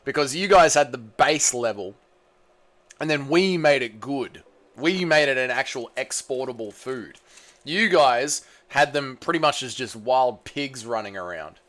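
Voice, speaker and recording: A man's voice: mid-range voice, lively intonation, a little slow, a bit bright. A young Australian man livestreaming, casually reading his chat and bantering back with swearing and mock-patriotic ribbing. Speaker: streamer.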